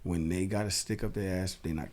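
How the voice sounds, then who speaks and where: A man co-hosting a podcast, talking in casual banter with a hoarse, worn voice and animated storytelling. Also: low voice, fairly quick. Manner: animated storytelling, bursts into laughter and shouting. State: hoarse, losing his voice. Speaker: podcast co-host.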